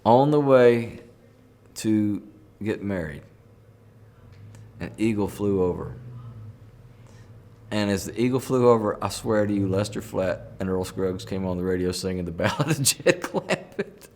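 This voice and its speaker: Low-voiced man spinning a yarn. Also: darkish tone. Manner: folksy, chuckling, unhurried anecdotes. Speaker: country musician telling a story. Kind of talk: relaxed storytelling in an interview.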